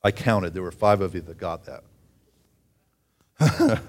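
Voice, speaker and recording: A man preaching a sermon, reading scripture aloud with asides and often rising in pitch and volume for emphasis. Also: sing-song, unhurried, creaky, pauses often, darkish tone.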